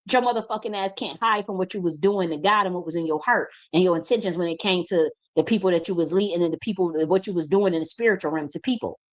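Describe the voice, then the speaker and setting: A woman's voice: on the low side, fast talker, hardly any pauses, muffled recording. A woman speaking as a spiritual teacher in an impassioned monologue, blunt and profane, repeating phrases for emphasis.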